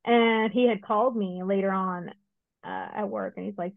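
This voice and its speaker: A middle-aged woman co-hosting a podcast, telling a personal story in a casual, lively way with many asides. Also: mid-range voice, normal speed, gravelly, no echo. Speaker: podcast co-host. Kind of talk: casual chat. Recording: dry, phone-like narrow sound.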